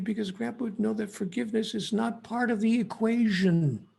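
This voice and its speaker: A man speaks as a guest author in an interview, earnest and emphatic. His voice sits fairly high and has a gravelly, husky grain. He often stops and restarts his phrases. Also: mellow. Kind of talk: impassioned interview storytelling.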